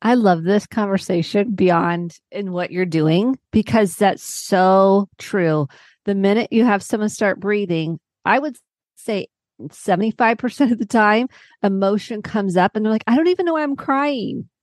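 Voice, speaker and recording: A woman therapist, a guest on a podcast, speaking in a calm, reflective way. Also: mid-range voice, a little slow, no echo, studio quality. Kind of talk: casual podcast interview.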